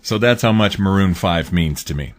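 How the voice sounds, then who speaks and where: Lowish-voiced man hosting a commentary show. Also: animated, normal speed. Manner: conversational, rambling with fillers. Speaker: host. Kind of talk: political commentary monologue.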